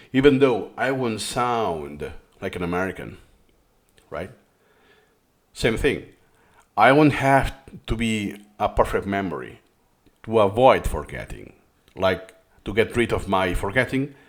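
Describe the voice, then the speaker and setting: Low-voiced non-native English course host. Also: male voice. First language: not English. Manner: explains with frequent restarts. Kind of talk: reaction commentary lesson.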